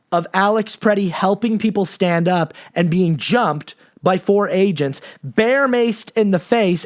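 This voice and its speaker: Impassioned, high-voiced male podcaster. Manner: impassioned, profane, frequent restarts. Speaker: podcast host. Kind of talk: monologue.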